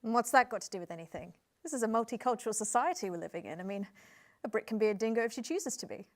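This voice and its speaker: Brief: woman playing a British pseudo-outback guest, higher voice, theatrical, patronising, florid. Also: lively intonation, racing. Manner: theatrical, flowery, condescending. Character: self-styled female outback expert, meddling amateur therapist. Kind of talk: comedy sketch acting.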